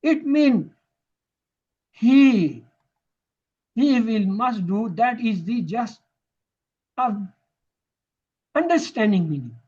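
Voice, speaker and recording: Man teaching grammar, slow careful delivery, husky voice, dull lo-fi recording. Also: extremely high pitch, very animated, a little mellow. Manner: explains slowly, repeats words for stress. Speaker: Quran and Arabic grammar teacher. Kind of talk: classroom lesson.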